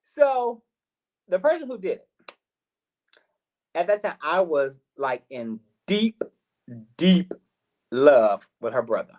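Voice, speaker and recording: A middle-aged man hosting a live talk show, telling a personal story in an animated way, repeating words and acting out what others said. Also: a little high, slow pace, long pauses. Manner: animated, repeats words, acts out quoted voices. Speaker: host.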